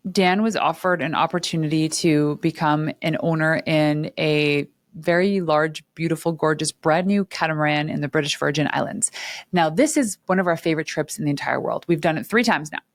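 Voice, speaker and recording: A woman in her forties with a fairly low voice talks candidly and with animation, as if straight to camera. The sound is close and dry, with no room around it. She sometimes acts out quoted dialogue. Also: normal speed, no echo. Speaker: entrepreneur and channel host. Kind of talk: casual talk to camera. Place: her studio.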